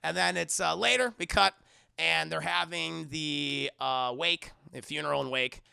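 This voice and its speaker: A man's voice: on the high side, measured pace, vocal fry, sharp tone, clean tone, dry recording, studio quality. A man casually recapping a film's plot as a reviewer, rambling and crude, laughing often. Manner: rambling, crude, laughs a lot, acts out lines. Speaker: movie reviewer.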